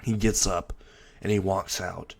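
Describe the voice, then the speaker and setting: A man casually improvising a dark fan story narration with blunt, crude wording. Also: deep voice, fairly even intonation, measured pace, vocal fry.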